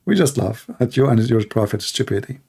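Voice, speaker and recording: A man hosting a call-in livestream, talking casually, mocking and laughing at callers and repeating words in quick bursts. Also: medium pitch, lively intonation, vocal fry, warm tone, breathy edge. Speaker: livestream host taking calls.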